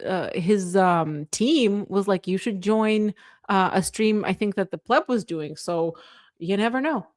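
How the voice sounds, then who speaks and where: A woman from the Soviet Union hosting a livestream, chatting casually and reading viewer comments aloud, full of fillers and the word "like.". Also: medium pitch. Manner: chatty, filler-heavy, many "like"s; earnest, rallying. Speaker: livestream host.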